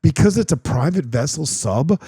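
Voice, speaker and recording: A man hosting a podcast chats with his crew in a casual, animated way, and he often laughs while he tells a story. His voice is gravelly and a little husky. His pitch sits fairly high and swings widely, and the sound is dry and close. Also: normal speed, dry recording. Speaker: podcast host. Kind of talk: casual chat.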